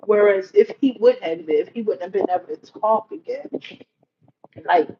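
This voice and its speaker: A woman's voice: medium pitch, lively intonation, moderate pace. A woman hosting a faith-based livestream, earnestly urging her viewers and repeating herself for emphasis. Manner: earnest, exhorting viewers directly, repetitive. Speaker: livestream host. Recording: muffled livestream audio with background hiss.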